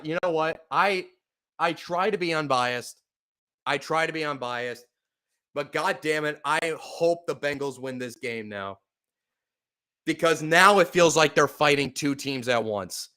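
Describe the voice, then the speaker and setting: A young man calling a football game play by play for his podcast, swearing freely and flaring from muttered disbelief into loud, high-pitched outbursts. His voice sits a little higher than most men's. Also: a little slow, clean tone. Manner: profane, exasperated, swings into loud outbursts. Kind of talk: live fan play-by-play commentary.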